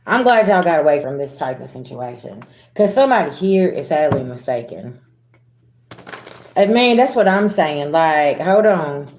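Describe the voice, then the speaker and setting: A woman's voice: deep voice, sing-song, moderate pace, darkish tone, roomy sound, a little hiss or hum. A woman giving a casual tarot reading to her viewers, talking bluntly with sass, slang and swearing. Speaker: tarot reader.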